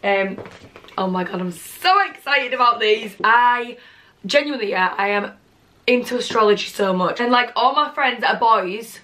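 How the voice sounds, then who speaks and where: A woman, gushing excitedly through a casual gift haul at home and swearing freely. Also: on the high side, moderate pace. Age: 20s. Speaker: vlogger.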